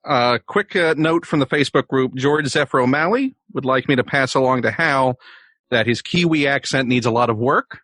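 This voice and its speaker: A man producing a live podcast, reading out listener questions and briskly moving the show along. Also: medium pitch, fairly bright tone.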